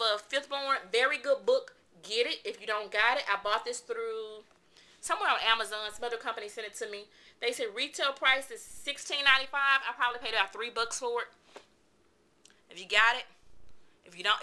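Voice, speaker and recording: A chatty woman in her thirties with a very bright, forceful voice pitched a little high. She reviews a book in a casual vlog, talking animatedly and venting with exclamations. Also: fairly quick.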